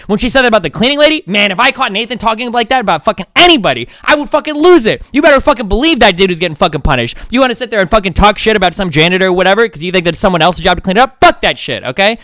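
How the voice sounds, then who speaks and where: A man's voice: high-pitched, sing-song, quick pace, a bit bright, dry recording. A man streaming live, ranting at length in a profane, indignant and sarcastic way. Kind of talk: heated livestream rant.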